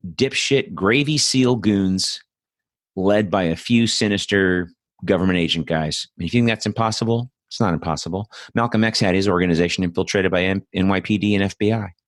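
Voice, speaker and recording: A man's voice: low voice, fairly quick, no echo, clean studio sound. A man hosting a political commentary show, talking in a blunt, profane, rambling monologue full of asides. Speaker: host.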